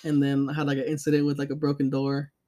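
A young man with a voice a touch higher than most men chats casually as a podcast co-host. He tells stories loosely, swears a lot, and fills his talk with fillers and chuckles. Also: completely flat delivery, quick pace, mellow. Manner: loose, profane storytelling with frequent fillers and laughs. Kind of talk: casual chat.

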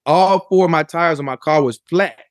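In a studio-quality recording with no echo, this middle-aged Memphis, Tennessee rapper and producer speaks at a normal speed in a fairly high pitch. As an interview guest he tells stories in a relaxed, casual manner, frequently dropping "you know what I'm saying."

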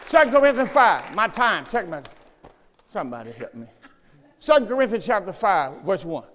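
A male pastor with a high, bright voice, preaching a sermon. He drives home each point by repeating it and pulling the congregation into call and response. His voice carries a long reverb from a church sanctuary. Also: sing-song, normal speed, some chatter behind, slight background noise.

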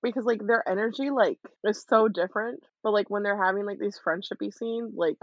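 A young woman co-hosting a casual podcast, talking fast and loose with lots of "like" fillers. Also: mid-range voice, dry recording, muffled recording. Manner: chatty, many "like" fillers, excitable. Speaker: podcast co-host. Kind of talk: casual chat.

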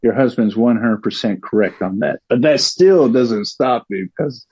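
A man talks as a podcast guest in a mellow, darker voice, stirring the pot with teasing humor. His audio is dull and lo-fi, and the sound is dry with no echo. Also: medium pitch, normal speed, husky. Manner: likes to stir the pot, laughs often. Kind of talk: casual conversation.

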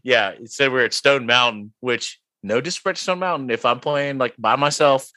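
A man's voice: mid-range voice, moderate pace, sharp tone, no echo. A young man hosting a podcast, chatting casually over drinks, joking and laughing as he rambles through stories. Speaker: podcast host.

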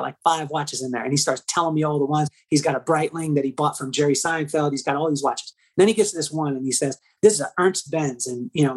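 A man, a hairstylist, telling a personal story in an animated way, acting out the dialogue. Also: slightly rough. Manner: fast, lively, acts out dialogue with shifting pitch.

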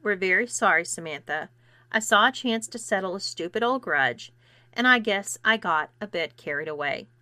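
A woman's voice: mid-range voice, lively intonation, normal speed, pushed and bright, no echo. A woman voicing a haughty, sneering teenage girl bully in a storybook reading, with a terse, scornful manner. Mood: subdued.

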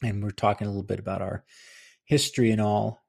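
A man's voice: lowish voice, little pitch movement, fast talker, vocal fry, a little mellow. A middle-aged man from New Jersey, hosting a podcast and telling a rambling story with fillers and self-corrections. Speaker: podcast host and author. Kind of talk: casual storytelling monologue.

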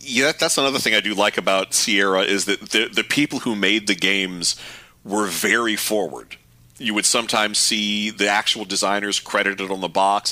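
A man's voice: fairly low pitch, normal speed, pushed and bright, no room sound. A man co-hosting a casual podcast chat about retro video games, reminiscing with enthusiasm. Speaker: podcast co-host.

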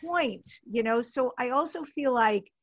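A woman's voice: a little high, measured pace, no echo. A woman hosting an interview, asking curious and empathetic questions. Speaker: interviewer, host. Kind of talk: conversational interview.

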